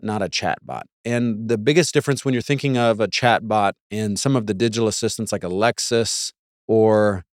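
A man's voice: fairly low pitch, no room sound, studio quality. A man hosting a talk show in a casual monologue, with wry, sarcastic asides and mock voices for quotes. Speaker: podcast host.

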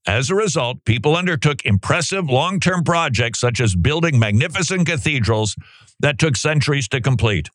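A man's voice: medium pitch, animated, normal speed, a bit bright, no echo, studio quality. A man giving sarcastic commentary, now and then mimicking a teacher.

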